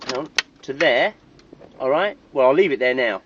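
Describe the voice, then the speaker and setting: A man's voice: medium pitch, expressive, normal speed, noisy background. A man fixing a car outdoors, stern and exasperated, yelping when he gets a shock. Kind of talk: home video banter. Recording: distant, dull home recording.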